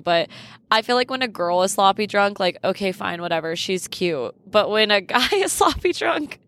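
A woman's voice: medium pitch, a bit bright. A young woman hosting a podcast in a candid, casual chat, laughing often and swearing freely. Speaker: podcast host.

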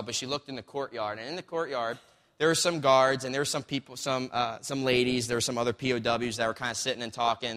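A man's voice: medium pitch, pushed and bright. A man retelling a story in a sermon, reading bits from a book, in a loose conversational way with many fillers and restarts. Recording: long reverb of a hall.

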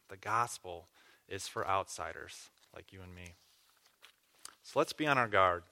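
A man's voice: lowish voice, sharp tone. Earnest man preaching a sermon. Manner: earnest, with fillers and restarts. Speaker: pastor. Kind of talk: sermon ending in prayer.

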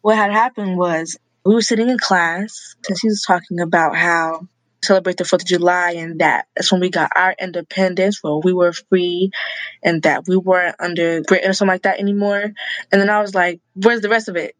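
A woman's voice: on the low side, steady tone, brisk, no room sound, rough recording. A girl of about twelve telling her aunt about school, frank, outspoken and upset. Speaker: niece. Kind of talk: casual family conversation.

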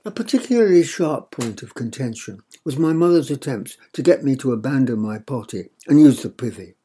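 An older man reading his memoir aloud in a measured, wry storytelling manner. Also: mid-range voice, animated, dark tone, slightly rough, faint music behind. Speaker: narrator.

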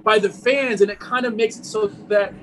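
High bright-voiced man hosting a podcast. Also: normal speed, low-quality recording. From Maryland. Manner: laughs easily, relaxed and chatty. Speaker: podcast host. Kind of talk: casual interview chat. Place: at home.

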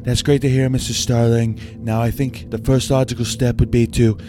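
A man putting on a rough impression of a boastful male president, stumbling over his words. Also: mid-range voice, little pitch movement, normal speed, music in the background, voice pushed up, close to an everyday voice. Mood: earnest.

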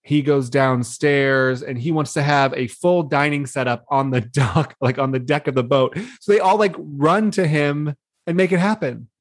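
A man's voice: fairly high pitch, steady tone, normal speed, no room sound. Chatty young man recapping shows, dry sound. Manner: chatty, laughs often, acts out quoted lines. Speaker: podcast co-host. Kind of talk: casual chat recapping reality TV.

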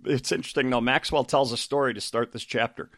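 A man's voice: mid-range voice, fairly even intonation, fast talker, a bit bright, dry recording, studio quality. Chatty middle-aged man talking over a book. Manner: rambling, many fillers and restarts. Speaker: podcast host and coach. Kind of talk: casual book discussion.

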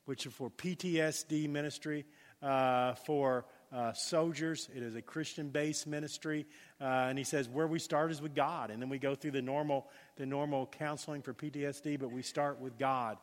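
A man preaching a sermon as pastor, telling a story with lively emphasis and dropping to a hushed tone for prayer. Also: mid-range voice, moderate pace, big-room sound.

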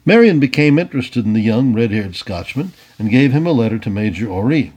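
A man reads an old-fashioned story aloud, his husky voice full of lively ups and downs. He tells it plainly, now and then dropping in a casual aside. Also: mid-range voice, brisk, few pauses.

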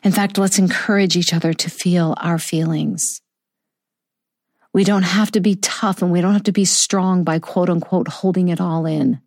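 A middle-aged woman with a lowish voice talks in a gentle, unhurried way, pausing tenderly as she reflects. Her delivery is heartfelt and personal, like a quiet confessional vlog. The sound is dry and close, with no room around it. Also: fairly even intonation, no room sound. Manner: soft, slow and heartfelt, with tender pauses. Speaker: vlogger sharing a personal story.

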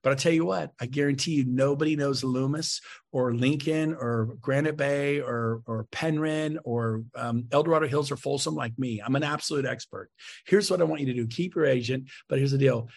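A man, a real estate agent and podcast guest, giving coaching tips in an energetic way and acting out sales conversations with big swings in his voice. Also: medium pitch, moderate pace, vocal fry.

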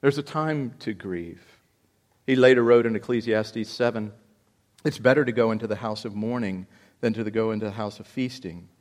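A man preaching a sermon, dropping low and quiet for scripture and rising loud and emphatic for his points. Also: moderate pace. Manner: preaching with big swings from quiet reading to loud emphatic outbursts. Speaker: pastor.

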